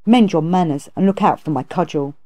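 A woman's voice: deep voice, a little fast, warm tone, close to an everyday voice. A woman reading aloud, voicing a proud, scornful young male disciple who fights with a cudgel.

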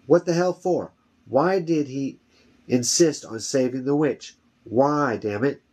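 A man's voice: mid-range voice, takes it slowly, a little mellow. A man voicing an agitated young bard in a home story reading, exclaiming his worries. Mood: distressed.

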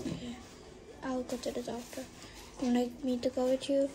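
A woman acting out a family pretend play, moving between soft whispers and excited high calls. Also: moderate pace, slight background noise, poor audio.

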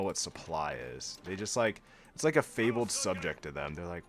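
A young man giving casual, sarcastic gameplay commentary as a video host, often laughing at himself and going deadpan when joking. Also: low voice, moderate pace, soft background music. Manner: flat monotone when joking.

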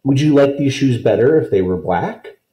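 A man's voice: medium pitch, lively intonation, normal speed, dark tone, echoey room, pitched above the performer's own voice, close to an everyday voice, poor audio. A man voicing a kind, poised young girl in a storybook reading, talking in a sophisticated way. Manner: sophisticated, helpful. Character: ten-year-old girl Ellen, poised, kind.

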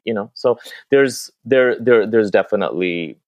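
Deep-voiced man chatting in an interview. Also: lively intonation, unhurried, darkish tone, no room sound, dull audio. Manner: chatty, many restarts and fillers. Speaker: actor and interview guest. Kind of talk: casual interview chat.

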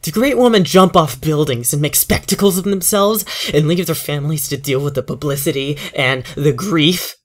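A middle-aged grieving father, raw with rage, spitting out bitter questions and erupting into sudden shouts, as a narrator puts him on. Harsh and loud in a horror storytelling reading. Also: mid-range voice, flat delivery, moderate pace, close to an everyday voice.

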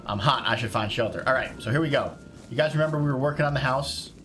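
A man from South Carolina streaming a survival game live, chatting excitedly and greeting viewers by name. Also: mid-range voice, fast talker, over music. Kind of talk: casual live game commentary.

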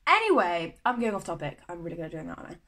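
A woman's voice: on the low side, sing-song, racing, fairly bright tone, low-quality recording. Gushing, chatty young woman vlogger. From United Kingdom. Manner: gushing, chatty, lots of fillers. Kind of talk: casual chat to camera.

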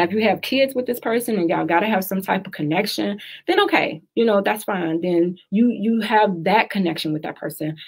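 Husky woman hosting frank radio talk. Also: lowish voice, a little mellow. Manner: candid, emphatic, repeats advice for stress. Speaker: talk show host. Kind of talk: casual live radio talk.

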